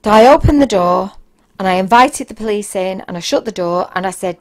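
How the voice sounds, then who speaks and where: Woman podcast host, candid storyteller, mid-pitched, blunt delivery. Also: brisk, a little mellow. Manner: frank, blunt, with bursts of raised emphasis. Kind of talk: casual anecdotal storytelling.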